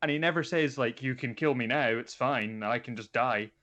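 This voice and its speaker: A young man with a mid-pitched voice talks wryly about a film on a podcast. He compares scenes to video games and swears casually. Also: moderate pace, a bit bright. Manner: wry, uses gaming comparisons, swears.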